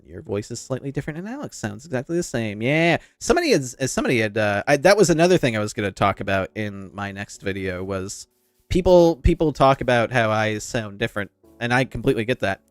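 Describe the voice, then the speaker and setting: A male streamer with a nasal, slightly lisping voice at an ordinary middle pitch. He rambles casually and talks straight to his chat, with soft music playing faintly underneath. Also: very animated, fast, no room sound. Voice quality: slight lisp. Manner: rambling, chatty, talks to viewers. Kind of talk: casual live-stream chat while gaming. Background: faint background music.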